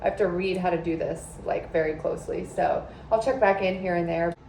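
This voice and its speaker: A woman in her thirties chatting casually to her phone camera in a vlog, expressive and talkative. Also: lowish voice, a little fast, vocal fry, a little hiss or hum. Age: 30s. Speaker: vlogger.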